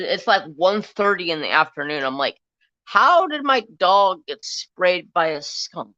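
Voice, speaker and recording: Casual male stream host with a bright, tense voice, chatty and profane, recorded dry and a bit lo-fi. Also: fairly high pitch, dry recording. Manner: rambling, animated, swears freely. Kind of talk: casual storytelling chat. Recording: slightly dull, lo-fi sound.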